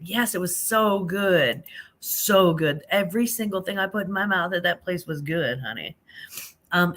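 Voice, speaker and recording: Woman host, lowish voice, half awake, easygoing chat with viewers in the small hours. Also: bright, forceful tone. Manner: chatty, reads viewer comments aloud, calls people honey. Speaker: live stream host. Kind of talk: casual late-night live chat. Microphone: phone.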